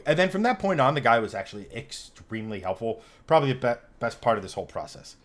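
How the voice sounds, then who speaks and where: A man's voice: medium pitch, fast, hardly any pauses. Swearing man telling a story. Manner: animated, swearing, acts out quoted people. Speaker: podcast host. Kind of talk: casual storytelling chat.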